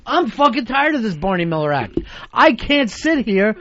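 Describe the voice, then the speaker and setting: Higher-voiced male radio host, profane and theatrically fed up, dry lo-fi broadcast sound. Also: sing-song, moderate pace, a bit bright, dry recording. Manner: profane, mock-exasperated rants. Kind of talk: radio talk show banter.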